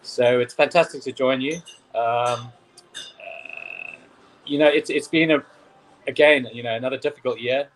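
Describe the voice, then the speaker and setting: A man's voice: medium pitch, steady tone, a little slow, pauses often, slight background noise, poor audio. Enthusiastic man on a remote call. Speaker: wine merchant guest. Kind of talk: interview answers. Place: London.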